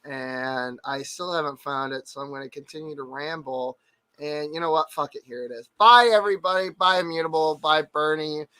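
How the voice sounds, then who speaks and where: A man's voice: on the high side, steady tone, moderate pace, bright, forceful tone, clear, resonant tone. A man hosting a casual comedy podcast, rambling and swearing as he tells stories. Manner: rambling, profane, laughing storyteller. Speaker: podcast host.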